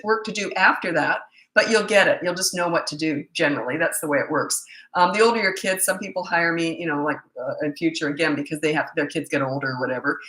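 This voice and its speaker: A woman's voice: mid-range voice, fairly bright tone. Emphatic woman parenting coach, echoey room. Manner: chatty and emphatic, answering viewer questions. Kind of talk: live Q&A advice chat.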